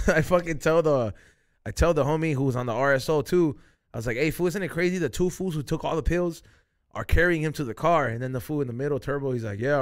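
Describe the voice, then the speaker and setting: A man's voice: on the high side, fairly bright tone. A young man hosting a podcast, telling a loose, profane story in casual chat, full of slang and dropping Spanish phrases. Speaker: podcast host.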